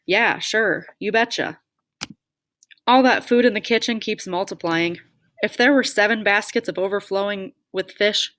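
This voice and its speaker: A woman's voice: medium pitch, a bit bright, dry recording, studio quality. A woman reading a first-person audiobook with a wry, self-deprecating way of telling it. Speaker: audiobook narrator.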